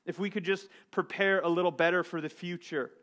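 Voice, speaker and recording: A man's voice: sits high, steady tone, a little fast, fairly bright tone. A man preaching a casual, self-deprecating sermon, telling a story about himself and often checking in with "right?". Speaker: pastor. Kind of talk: conversational sermon.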